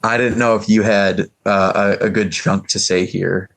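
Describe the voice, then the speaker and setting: A man's voice: fairly low pitch, fairly even intonation, normal speed, gravelly, a bit bright. A man co-hosting a casual discussion, arguing his point emphatically. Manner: emphatic, argumentative. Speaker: podcast co-host.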